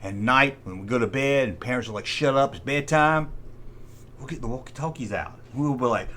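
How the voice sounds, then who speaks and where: A man's voice: mid-range voice, quick pace, fairly bright tone, slight background noise. Guy doing a chill toy review vlog, dry and blunt, kinda wry, regular mid voice. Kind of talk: casual nostalgic toy commentary.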